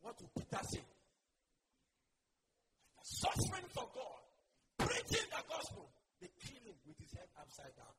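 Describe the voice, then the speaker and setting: Male preacher, very high lively voice, fiery sermon, loud noisy recording. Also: measured pace, long pauses. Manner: swings between loud declarations and hushed asides. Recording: loud background noise.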